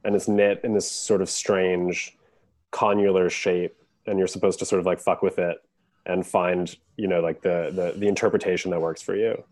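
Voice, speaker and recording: A man co-hosting a podcast in casual chat over a video call, relaxed and hesitant with fillers. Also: low voice, moderate pace. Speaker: podcast co-host.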